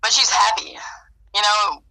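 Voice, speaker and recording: A woman's voice: mid-range voice, lively intonation, unhurried, vocal fry, bright, forceful tone, no echo. A woman talking on a phone call, rambling and easily moved to tears. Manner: rambling, tearful at times. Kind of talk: emotional phone conversation.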